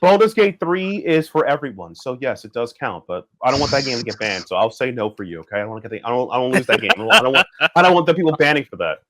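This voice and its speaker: A man co-hosting a podcast in casual chat, jokey and animated, now and then slipping into loud bits. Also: medium pitch, quick pace, hardly any pauses, a crowd in the background, poor audio. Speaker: podcast co-host.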